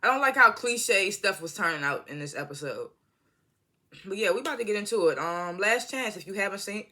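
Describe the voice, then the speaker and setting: A bright, forceful voice from an American vlogger, talking straight into a phone mic indoors. The delivery is loose and rambling, heavy on slang, asides and quick self-corrections, like an off-the-cuff episode review. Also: medium pitch, expressive. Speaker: TV show reviewer. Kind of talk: casual rambling video review.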